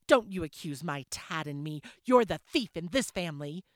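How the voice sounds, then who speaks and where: A woman playing a loud indignant mother. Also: low voice, animated, normal speed, dry recording, studio quality. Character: defensive, indignant mother guarding her son. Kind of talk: audiobook character voice.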